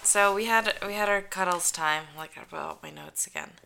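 A woman's voice: on the low side, normal speed, gravelly, bright, forceful tone. A woman co-hosting a podcast, chatting casually and sarcastically while recapping a show, acting out quotes and swearing freely. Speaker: podcast co-host.

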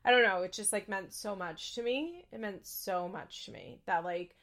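A woman's voice: medium pitch, normal speed, a bit bright. A young woman hosting a podcast, chatting candidly about a reality show and swearing freely. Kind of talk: casual chat recapping a reality show.

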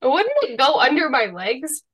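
A woman's voice: high-pitched, very animated, a bit bright. A woman playing in a tabletop game who keeps checking how the rules work. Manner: quick questions about the rules. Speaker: player. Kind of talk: casual tabletop play.

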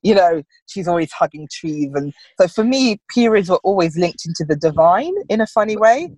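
A woman in her forties chatting as a guest in an interview, lively and quick to laugh. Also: on the low side, dry recording, low-quality recording. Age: 40s. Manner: lively, laughs often, acts out voices in anecdotes. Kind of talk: casual interview chat.

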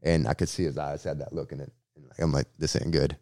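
A man from Boston, a radio host, telling his story in a casual interview with a slangy, lively way of talking. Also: rumbling low, fast, dry recording, clean studio sound.

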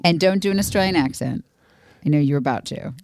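Middle-aged woman, podcast co-host, low voice, teasing and easygoing. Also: a little fast, darkish tone, no room sound. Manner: easygoing, teasing, reads listener questions aloud. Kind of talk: casual chat.

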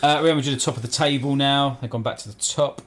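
Man, podcast co-host, reads results haltingly, stumbles on names, middle pitch. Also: steady tone, fairly bright tone, a little hiss or hum. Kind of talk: casual football chat.

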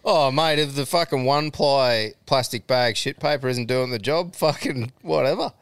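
A man's voice: mid-range voice, normal speed, a bit bright, clear, resonant tone, no room sound. A male podcast co-host chatting in casual, sweary banter and laughing often.

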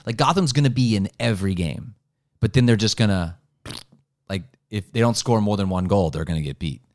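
A man's voice: fairly low pitch, fairly quick, a little mellow. A man co-hosting a casual sports podcast, rambling with lots of "like" and "um" as he runs through picks. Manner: rambling, full of "like" and "um". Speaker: podcast co-host.

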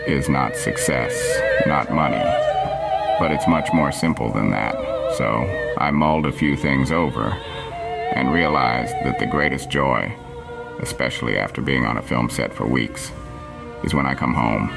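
A very deep, gravelly celebrity voice, reading a sentimental poem slowly and grandly. The pitch rolls up and down with feeling, and loud music plays behind it. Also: male voice, exaggerated voice. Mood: solemn, sentimental. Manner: slow, solemn, grandiose. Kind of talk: comic impression reading a poem. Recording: loud music bed under the voice.

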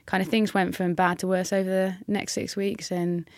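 Low gravelly woman telling a story. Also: little pitch movement, dry recording, clean studio sound. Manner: candid, halting restarts. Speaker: guest, hockey player. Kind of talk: interview storytelling.

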